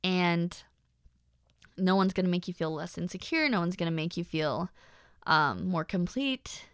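A young woman hosting a podcast in a casual personal monologue, chatty with lots of fillers and animated faith-centered asides. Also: lowish voice, a little slow, clean tone, no echo, clean studio sound. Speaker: podcast host.

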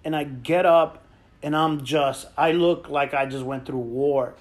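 A man tells a wild story in loose, profane podcast chat. His voice sits slightly high, and he acts out what people said as he goes. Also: measured pace. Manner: animated, profane, acts out quotes. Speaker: podcast host.

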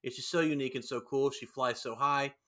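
A man's voice: medium pitch, fairly quick. A man hosting a casual podcast, recapping events and acting out what people said. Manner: animated storyteller, acts out quotes. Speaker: podcast host recapping wrestling. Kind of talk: casual chat.

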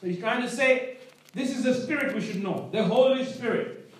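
A man's voice: very high voice, moderate pace, far from the mic. A man preaching a sermon, emphatic, repeating his phrases and calling out to the congregation for response. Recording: echoey room.

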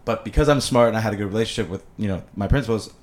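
Fast-talking animated Canadian-raised man. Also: lowish voice. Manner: animated, swearing storyteller acting out dialogue. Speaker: podcast host. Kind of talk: casual podcast storytelling.

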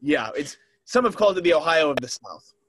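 A man's voice: a little high, sing-song, fairly quick, a bit bright, no room sound. A young man co-hosting a podcast in casual chat, telling stories and laughing easily. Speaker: podcast co-host.

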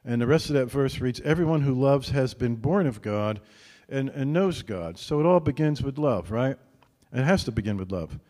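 Heard in a large hall, a male pastor with a mid-range voice gives a sermon. He sounds relaxed and conversational, regularly asking a quick "right?" of those listening.

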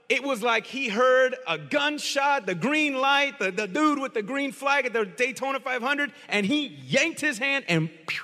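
This male pastor has a bright, high voice and preaches a sermon as animated storytelling, shouting here and there. A long hall reverb surrounds his ringing voice.

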